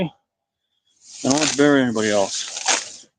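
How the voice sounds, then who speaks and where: A man's voice: medium pitch, moderate pace, noisy background. Rambling man talking to his goats. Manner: rambling, talks softly to animals. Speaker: livestreamer tending goats. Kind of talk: casual live-stream monologue. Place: outdoors in a farmyard.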